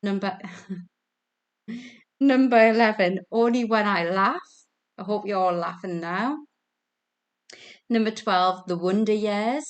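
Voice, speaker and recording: A woman's voice: mid-range voice, slow, pauses often. A woman hosting a casual online quiz over a video call from home, chatty, giggly and self-deprecating. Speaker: quiz host.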